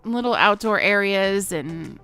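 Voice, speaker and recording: A woman's voice: medium pitch, lively intonation, a little slow, sharp tone, faint music behind. A woman in her late twenties with a Southern American accent, chatting casually and rambling over her gameplay with fillers and self-mocking asides. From Missouri. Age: 20s. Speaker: gaming vlogger.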